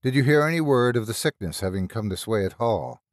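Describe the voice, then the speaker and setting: Proper country rector, brisk and a touch impatient, lively delivery, narrator voicing him. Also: male voice, mid-range voice, no echo, studio quality, close to an everyday voice. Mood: alarmed. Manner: brisk, formal and a little impatient.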